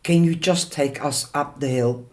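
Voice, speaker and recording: An anxious teenage boy from a storybook, urgent and pleading as he tries to smooth things over, voiced by a male narrator. His lines are unhurried despite the worry behind them. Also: on the high side, darkish tone, close to an everyday voice.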